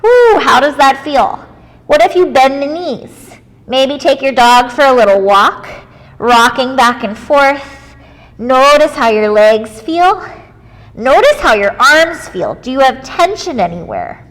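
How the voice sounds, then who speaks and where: A woman leading a children's yoga class, gentle and playful, encouraging the kids and making animal noises. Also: high-pitched, expressive, slow pace, big-room sound.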